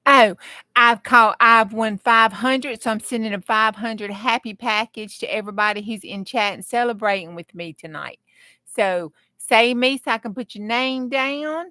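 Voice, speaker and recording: A woman, hosting a casual craft livestream and chatting excitedly with her viewers. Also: a little high, normal speed, no echo.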